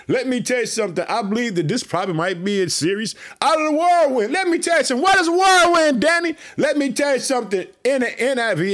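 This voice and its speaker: Excited high-voiced preacher man. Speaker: pastor. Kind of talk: podcast sermon.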